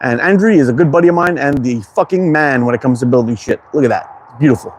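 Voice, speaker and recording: A fast-talking Canadian man with a mid-range voice and a Quebec accent hosts a casual slingshot livestream outside in cold wind. He greets viewers by reading their chat names, easygoing and friendly, with casual swearing. Wind and outdoor ambience are audible.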